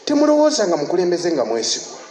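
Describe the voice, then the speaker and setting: A man from Uganda preaching a sermon as pastor, animated and emphatic, breaking into laughter and shouts. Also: high-pitched, very fast. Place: church. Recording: echoey church hall, faint noise.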